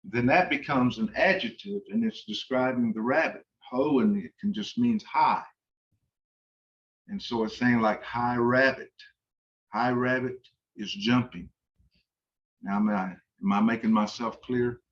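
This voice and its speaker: A man teaching an online language class, explaining grammar slowly with many pauses and fillers. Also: mid-range voice, recorded from a distance, muffled recording. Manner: slow and halting, many uhs.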